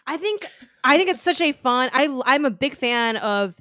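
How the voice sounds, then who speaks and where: Casting: woman co-host, higher voice, rambling, dry close mic. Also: moderate pace, no echo. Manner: rambling, animated. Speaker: podcast co-host. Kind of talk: casual chat.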